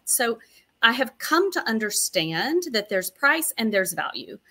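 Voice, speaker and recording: A woman's voice: medium pitch, bright, forceful tone. A middle-aged woman, a nurse, telling stories as an interview guest in a chatty, long-winded, self-deprecating way. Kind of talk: casual interview storytelling.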